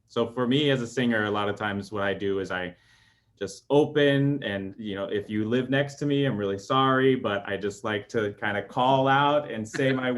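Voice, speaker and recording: A man who sings opera talks through his singing technique in a friendly, lively manner. His speaking voice sits low. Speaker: opera tenor. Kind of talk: casual interview chat.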